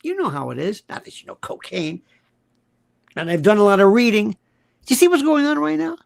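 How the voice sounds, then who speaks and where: Male host, emphatic live-stream monologue, wide swooping delivery, gravelly edge. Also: high-pitched, fairly quick, no room sound. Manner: animated, emphatic, repeats rhetorical questions.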